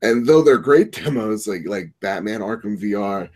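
A man's voice: lowish voice, animated, moderate pace, darkish tone. A man co-hosting a gaming podcast who talks casually, rambling and opinionated, with lots of filler words and restarts. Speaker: podcast co-host. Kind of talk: casual chat.

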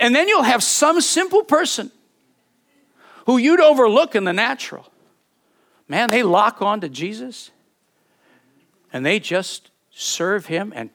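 A male pastor delivering a sermon in an animated, emphatic way, often repeating words as he builds a point and prompting the congregation to answer back. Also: sits high. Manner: leads congregation call-and-response.

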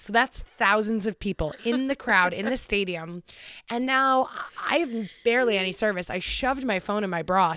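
A young woman tells a long story in an animated, profane way. Her voice sits at a middle pitch, recorded dry and close with no room sound. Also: no room sound. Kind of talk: casual storytelling chat.

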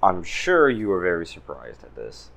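A man's voice: low voice, wildly swooping pitch, normal speed, vocal fry, fairly bright tone, full character voice. A man voicing a middle-aged male scientist who grumbles and makes dry, sardonic remarks. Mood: wry.

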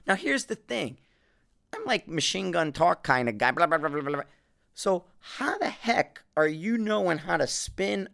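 Rambling, fast-talking East Coast man. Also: mid-range voice, clear, resonant tone. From Connecticut, US East Coast. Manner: rambling, animated storytelling with frequent cursing and restarts. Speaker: podcast host. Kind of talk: casual monologue.

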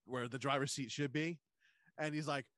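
A man chatting casually and excitedly retelling movie scenes, swearing a lot. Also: medium pitch, normal speed, dry recording. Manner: animated storyteller, swears a lot, acts out movie quotes. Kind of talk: casual chat.

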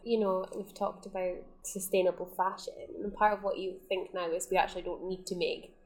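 A woman's voice: lowish voice, flat delivery, a little fast, darkish tone. A woman interviewing a guest, asking short friendly questions. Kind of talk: casual interview.

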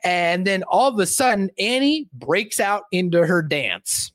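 A man casually recapping a film's plot out loud in a rambling, profane, animated way, seated indoors. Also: sits high, unhurried, dry recording, studio quality. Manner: animated, rambling, profane storytelling with many asides. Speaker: movie recap commentator. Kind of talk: casual spoken film recap.

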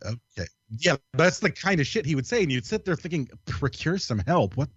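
A man, a podcast guest, telling a long story in casual, animated style, swearing freely and laughing as he goes. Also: on the high side, fast talker, breathy edge, no echo, highs cut off. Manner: animated, profane, laughs through his story.

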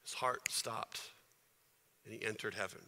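A man preaching a sermon to his congregation, chatty and full of rhetorical questions, building to forceful passages. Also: on the low side, fairly even intonation, unhurried. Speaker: pastor. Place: church sanctuary. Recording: reverberant hall.

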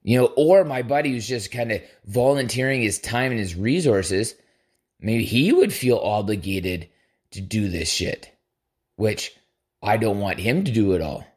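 A man's voice: fairly low pitch, expressive, unhurried, a little mellow. A man hosting a podcast, telling a long story in a casual, rambling way, swearing freely and acting out his own thoughts. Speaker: podcast host.

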